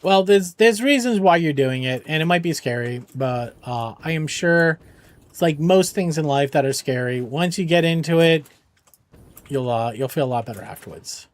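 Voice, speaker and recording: A man's voice: fairly high pitch, lively intonation, normal speed. A man streaming games for charity, chatting with viewers in a joking, rambling, reassuring way. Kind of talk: casual chat with viewers.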